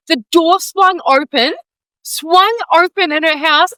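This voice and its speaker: A woman hosting a podcast in casual chat, excitable and swearing freely, with plenty of fillers. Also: very high voice, moderate pace, dry recording. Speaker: podcast host.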